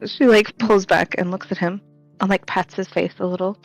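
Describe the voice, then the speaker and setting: A woman's voice: medium pitch, steady tone, moderate pace, creaky, rough recording. A woman playing a tabletop game, giggly and saying "like" often. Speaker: player. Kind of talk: casual tabletop game play. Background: background music.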